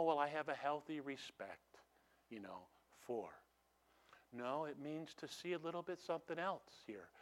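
A man preaching a sermon, telling stories with animated swings from hushed to loud and frequent restarts. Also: a little high. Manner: repeats and restarts phrases. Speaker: pastor.

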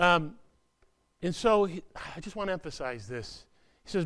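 A man preaching a sermon in a conversational way, with asides, swinging from hushed words to loud emphasis. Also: a little high, lively intonation, moderate pace, pauses often. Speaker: pastor.

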